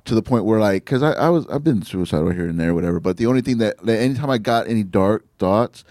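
A man hosting a podcast, asking short follow-up questions and reflecting on his own life in relaxed, casual talk. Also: lowish voice, fast, no echo, clean studio sound. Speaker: podcast host and comedian. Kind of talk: casual interview chat.

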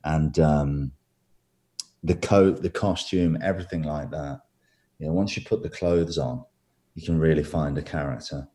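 A man with a Birmingham accent, an actor answering interview questions in a relaxed, self-deprecating way. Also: a bass voice, unhurried. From England. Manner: relaxed, self-deprecating, laughs between thoughts. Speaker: actor, guest.

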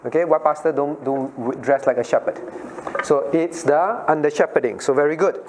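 Pastor teaching a Bible class. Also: male voice, on the high side, moderate pace, a little hiss or hum. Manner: questions listeners by name, repeats key phrases. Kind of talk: interactive Bible study teaching.

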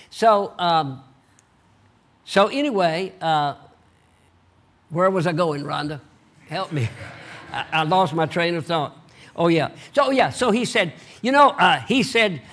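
An older man preaches a sermon in a high, lifted voice. He surges into loud, animated bursts and then drops into low, quiet asides. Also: a little slow.

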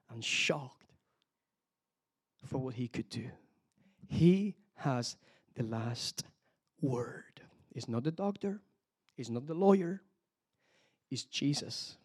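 A man preaching a sermon, animated, calling out hallelujah and praise the Lord between points. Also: medium pitch. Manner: animated, exclamations of hallelujah, some restarts.

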